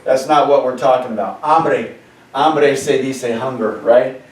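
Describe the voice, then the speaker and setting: A male Spanish teacher giving a lesson, animated and joking, who keeps repeating key phrases and checking with "right?". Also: medium pitch, measured pace, reverberant, recorded from a distance, low-quality recording. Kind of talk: classroom lesson over a video call. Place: classroom or room with a board.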